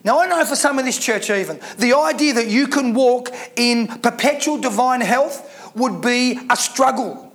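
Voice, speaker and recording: A man delivering a sermon from the pulpit, his voice sitting very high. He preaches with emphasis, repeating key words and throwing rhetorical questions at his church. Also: normal speed, few pauses, fairly bright tone. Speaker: pastor.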